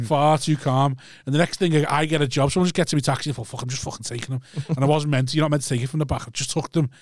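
A man's voice: fairly high pitch, steady tone, racing, hardly any pauses, no room sound, studio quality. A man, laughing and swearing as he tells a story about his taxi days. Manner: laughing, sweary anecdote teller. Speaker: former taxi driver, co-host. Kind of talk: casual podcast chat.

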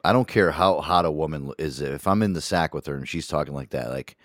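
A man's voice: very deep voice, brisk, no room sound, studio quality. A man hosting a podcast in casual chat, joking and teasing his co-host and swearing often.

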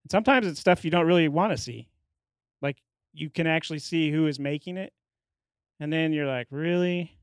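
A man's voice: on the high side, fairly quick, long pauses, clear, resonant tone, no echo, studio quality. A man, a teacher, telling wry stories as a guest in a casual podcast chat.

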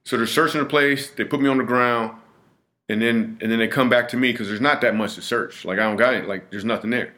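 A man's voice: medium pitch, steady tone, brisk, pushed and bright. A middle-aged man, a comedian guest on a podcast, telling a personal story in an earnest, vivid way, often restarting and repeating himself.

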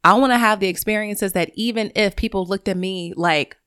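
A woman's voice: mid-range voice, a little fast, a bit bright, clean tone, no room sound, clean studio sound. Blunt, profane woman podcaster. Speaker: podcast host and teacher. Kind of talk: solo podcast monologue.

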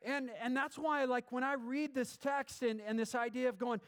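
A man's voice: extremely high pitch, steady tone, normal speed, clear, resonant tone. A man preaching a sermon as a pastor, conversational with filler words and restarts, rising to bursts of fervent emphasis. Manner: filler-heavy, restarts phrases.

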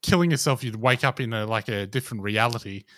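A man's voice: medium pitch, fast, fairly bright tone, dry recording, clean studio sound. A man co-hosting a casual podcast chat, bantering in a joking, laid-back way. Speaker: podcast co-host. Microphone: close podcast mic.

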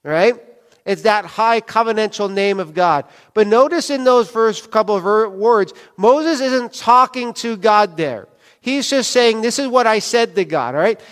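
Guy preaching, high voice, chatty, keeps asking the crowd stuff, echoey church hall. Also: animated, a little slow, a bit bright, smooth. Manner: conversational, asks the congregation questions. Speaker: pastor. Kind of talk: sermon. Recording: long reverb of a church hall.

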